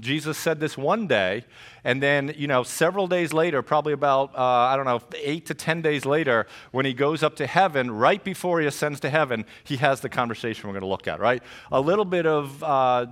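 A middle-aged man preaching a sermon as pastor, telling stories with jokes and lively asides. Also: medium pitch, fairly quick. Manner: animated storytelling with jokes and asides.

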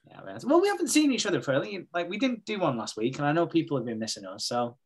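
A man, co-hosting a casual podcast and retelling soap storylines with swearing and quick impressions of the characters. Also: fairly high pitch, huge pitch swings, crowd noise. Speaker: podcast co-host recapping a soap. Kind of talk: casual chat.

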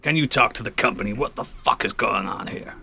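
Gravelly, brash man bantering in a game. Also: fairly low pitch, fairly quick, sharp tone. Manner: brash, heavy swearing. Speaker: player. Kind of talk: casual in-character banter.

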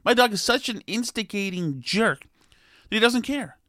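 A middle-aged man tells a long, wry story, rambling and exasperated as he goes. His voice sits fairly high for a man. The recording is dry and close, with no room sound. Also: expressive, moderate pace, bright, forceful tone, no room sound. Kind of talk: casual monologue.

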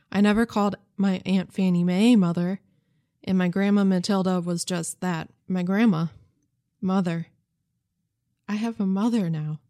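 A woman reading a novel aloud for radio in a measured, gentle storytelling manner. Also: medium pitch, no room sound, clean studio sound. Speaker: narrator.

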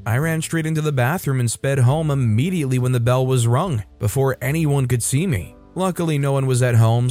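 A man reading a first-person story aloud in a steady, scripted narration. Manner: steady first-person storytelling, puts on a higher voice for quoted women. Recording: soft music bed behind. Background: faint background music.

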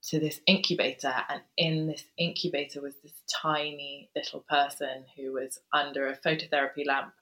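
A woman in her thirties speaks in a low but bright, forward voice. She talks softly and haltingly, pausing on ums as she tells her story to an interviewer. The recording sounds like an indoor podcast mic. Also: flat delivery, poor audio. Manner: soft, hesitant, pausing with ums. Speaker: guest author.

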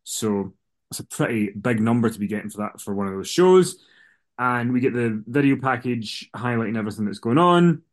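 A man's voice: mid-range voice, animated, fairly quick. A man co-hosting a casual podcast in an everyday mid-range voice. He rambles and often restarts his sentences. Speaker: podcast co-host. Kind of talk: casual chat.

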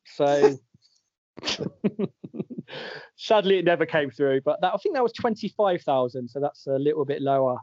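A man's voice: a little high, animated, moderate pace, pauses often, a little mellow, dry recording. Jokey man hosting a quiz. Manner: jokey, laughs often while reading out answers. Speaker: podcast host and quizmaster. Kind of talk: casual podcast chat, running a quiz. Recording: dull lo-fi dry audio.

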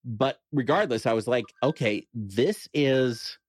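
A man's voice: mid-range voice, a little slow, slightly rough, no echo, clean studio sound. A middle-aged man with a New York accent, a podcast guest telling a personal story in casual conversation, with wry humor and frequent restarts.

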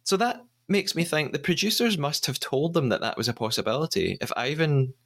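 A man's voice: on the high side, animated, brisk, a bit bright. A man hosting a podcast, casually retelling scenes with the odd stammered restart. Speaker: podcast host. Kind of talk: casual recap chat.

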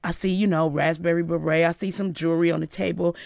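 A woman's voice: quick pace, creaky, no echo. A middle-aged woman from Inglewood, California, a guest in a radio studio, telling stories animatedly and acting out the voices in them. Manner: lively, acts out quoted dialogue with big pitch jumps. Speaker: guest, celebrity hairstylist. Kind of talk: animated storytelling interview.

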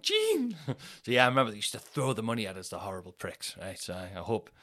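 Rambling man, low voice. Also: fast, sharp tone. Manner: rambling, swears, laughs at his own stories. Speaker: podcast host. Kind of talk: casual comic storytelling.

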